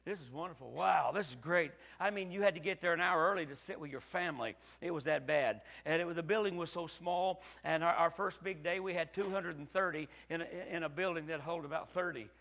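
A middle-aged male pastor, telling his story in a sermon, dropping to hushed tones and then bursting out loud. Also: a little high, a little fast, vocal fry, hardly any pauses. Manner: preaching with sudden loud outbursts and hushed storytelling. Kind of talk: sermon testimony.

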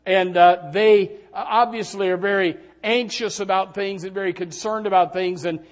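A man preaching a sermon in a conversational, animated way, with many restarts and fillers. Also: moderate pace. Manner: animated, pitch rising and falling with emphasis.

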